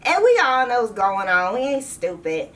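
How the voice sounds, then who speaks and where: A woman's voice: fairly high pitch, big pitch swings, normal speed, a bit bright, distant mic. A woman vlogger giving a blunt, sassy casual recap of a reality TV episode.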